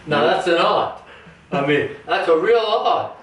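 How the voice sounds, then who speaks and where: An older man, a navy veteran, telling stories in a casual, halting way with small restarts. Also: sits high, animated. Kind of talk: casual storytelling. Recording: echoey room, distant mic, faint hiss.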